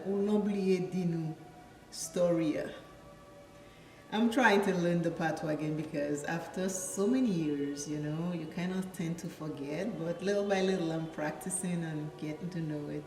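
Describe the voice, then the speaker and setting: A woman's voice: low-pitched, steady tone, moderate pace, few pauses, darkish tone. A woman from Dominica, a makeup vlogger, chatting playfully through a tutorial and drifting into childhood stories. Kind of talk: casual makeup tutorial chat. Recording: echoey room with the mic at a distance. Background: faint music.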